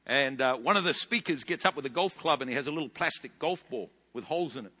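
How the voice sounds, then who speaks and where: A man in his fifties with a New Zealand accent, preaching a sermon as a pastor, telling stories animatedly and rising into loud bursts. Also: medium pitch, quick pace, breathy edge. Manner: animated storytelling with big loud rises. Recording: long hall reverb.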